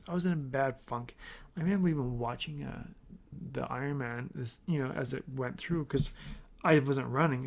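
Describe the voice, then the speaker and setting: A middle-aged man talks earnestly on his podcast, rambling a little and restarting his sentences. His voice has a gravelly edge and sits at an ordinary pitch. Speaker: podcast host. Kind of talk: casual motivational podcast talk.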